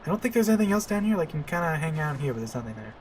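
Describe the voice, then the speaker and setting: A man's voice: fairly high pitch, very animated, racing, slight background noise. Chatty man commenting on gameplay. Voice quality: chatty, self-deprecating, explanatory. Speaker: let's play commentator.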